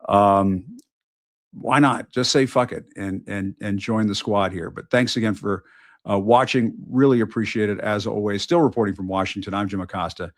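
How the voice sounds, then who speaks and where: A middle-aged man hosting his own news show, delivering an impassioned, emphatic political monologue full of repetition and profanity, with halting restarts. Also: on the low side, steady tone, dry recording, clean studio sound. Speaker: host of an independent news show.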